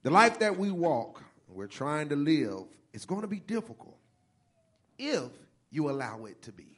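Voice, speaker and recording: A man delivers a sermon in a voice pitched a little higher than most men's. He reads scripture in a slow, measured way, then preaches with a rising, fervent cadence. He leans on repeated phrases for emphasis. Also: very animated, a bit bright, slightly rough.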